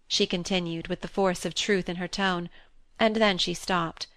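A woman narrates a classic novel as an audiobook reader. Her storytelling is measured and even. The recording is close and dry. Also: fairly low pitch, clear, resonant tone, no echo.

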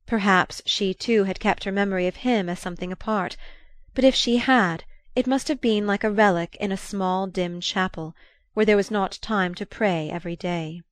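A woman's voice: mid-range voice, no room sound. Woman reading a novel, dry close sound. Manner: measured, even, unhurried. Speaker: audiobook narrator. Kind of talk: scripted literary narration.

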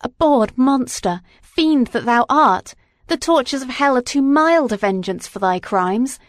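A woman's voice: mid-range voice, moderate pace, darkish tone, no echo, lightly acted. A tormented, furious young male scientist from a gothic storybook, as a woman reader puts him on. His lines come out impassioned and declamatory, with long, heavy phrases. The sound is dry and close. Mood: raging.

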